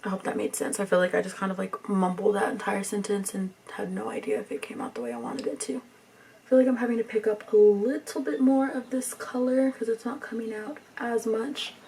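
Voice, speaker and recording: Soft-spoken woman, gravelly and husky. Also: medium pitch, fairly quick, distant mic. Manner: soft, near-whispered, rambling. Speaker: beauty vlogger. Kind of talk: makeup tutorial narration.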